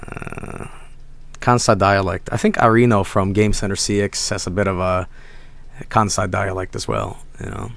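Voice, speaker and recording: A young man with a hoarse voice, chatting casually on his stream in a rambling, laid-back way with lots of fillers. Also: low voice, moderate pace, a bit bright.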